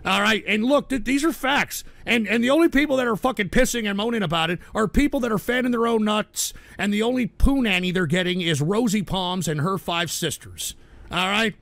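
A man hosting a call-in radio show, ranting aggressively with a lot of swearing and frequent shouting. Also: high-pitched, fairly quick, creaky, no room sound. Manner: aggressive, profane, shouting rant. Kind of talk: live call-in radio rant.

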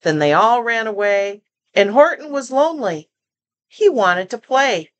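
Slow, lively grandmotherly storybook reader. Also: fairly high pitch, muffled recording. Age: older. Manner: expressive, stops to comment and ask the listener questions. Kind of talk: reading a children's picture book aloud.

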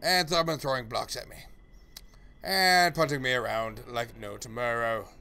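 A man's voice: mid-range voice, normal speed, gravelly, pushed and bright. A man live-streaming a game, chatting playfully and greeting viewers by name as he plays. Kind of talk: casual live-stream chat.

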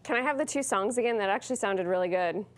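A woman's voice: medium pitch, fast. A woman chatting playfully during a party game. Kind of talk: casual chat.

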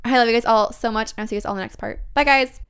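A young woman talks through her game in a chatty, excitable way, full of fillers. Her voice sits a little high and sounds bright and crisp, though her nose is stuffed up from a cold. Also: very fast. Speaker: let's play host. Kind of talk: casual gameplay commentary.

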